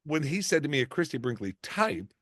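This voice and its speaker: A man's voice: fairly quick, dry recording, clean studio sound. A middle-aged man, an actor as interview guest, telling stories in casual chat and acting out the people he quotes. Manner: animated, acts out quoted voices with big pitch jumps.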